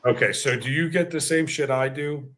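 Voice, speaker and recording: Profane, animated New man. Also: mid-range voice, normal speed, a little hiss or hum. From New York. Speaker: podcast host. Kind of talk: casual chat.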